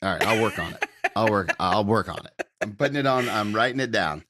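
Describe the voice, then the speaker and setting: A man's voice: fairly low pitch, expressive, fairly quick, fairly bright tone, slight background noise. A man hosting a podcast interview who talks in an enthusiastic, encouraging way. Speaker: podcast host. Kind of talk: casual interview.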